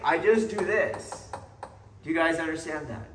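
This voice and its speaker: A male aikido instructor talks informally to his class in a blunt, profane way. He keeps asking whether they see his point. His fairly high voice sounds echoey and far from the mic in a training hall. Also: a little slow, sharp tone, a little hiss or hum. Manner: checks in constantly with "do you see?". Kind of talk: informal talk to students. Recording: roomy echo, distant mic.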